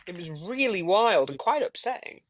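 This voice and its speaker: Outspoken livestream panelist, blunt delivery, mid-range pitch, dry close-miked sound. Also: sing-song, normal speed, no room sound. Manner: blunt, outspoken, swears freely. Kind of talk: casual livestream chat.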